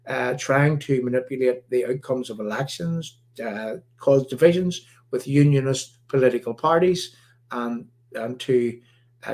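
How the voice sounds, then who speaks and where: A man from Ireland, hosting a political commentary livestream in an emphatic, repetitive, halting way. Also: mid-range voice, darkish tone. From Northern Ireland. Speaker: livestream host.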